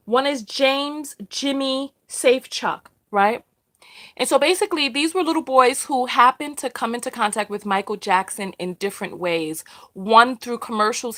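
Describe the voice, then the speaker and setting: This is a woman hosting a live stream, speaking in a loose, conversational way. Her voice sits a little high. She circles back over her points and keeps checking in with "right?". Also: normal speed, a bit bright. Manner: chatty, repeats herself, asks "right?". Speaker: host of a live discussion. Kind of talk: casual live-stream commentary.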